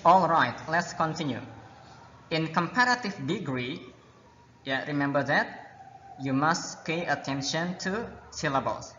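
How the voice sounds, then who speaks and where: A man's voice: a little high, lively intonation, measured pace, pushed and bright, slight background noise. A man teaching an English grammar lesson, repeating key words and often checking with "okay?". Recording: echoey hall, dull lo-fi sound.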